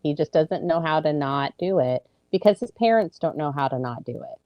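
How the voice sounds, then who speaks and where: A woman's voice: low-pitched, expressive, moderate pace, no room sound, lo-fi sound. A woman, co-hosting a casual podcast in a chatty way. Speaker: podcast co-host. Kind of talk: casual chat.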